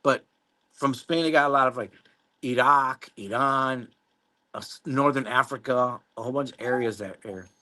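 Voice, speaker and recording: A man's voice: mid-range voice, moderate pace, sharp tone. A man hosting a live stream, reading out viewer comments and chatting casually, rambling, swearing and laughing often. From Mexico. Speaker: livestream host.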